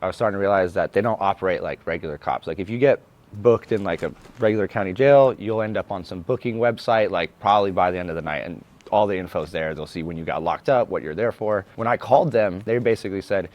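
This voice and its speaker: A man explaining things in a relaxed, casual interview manner, often saying "like". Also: low voice, fast talker.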